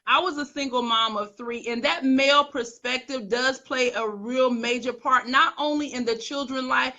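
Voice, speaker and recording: A woman's voice: sits high, fairly even intonation, normal speed, pushed and bright. Middle-aged woman host, muffled audio. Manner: affirming, teasing, lots of mm-hmms. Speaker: show host. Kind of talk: live-streamed interview.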